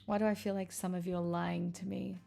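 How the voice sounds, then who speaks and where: A woman's voice: fairly low pitch, little pitch movement, fairly quick, vocal fry, warm tone, faint music behind. A woman streaming live, chatting casually and answering her chat's questions aloud. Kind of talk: casual chat reading stream chat.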